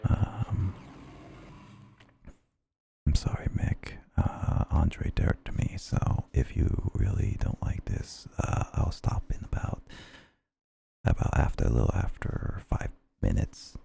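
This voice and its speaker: A man in a whispered role-play, playing a soft-spoken ASMR whisperer, slow and close to the mic. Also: rumbling low, very animated, vocal fry, a little hiss or hum, voice pushed down, heavily acted. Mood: hushed.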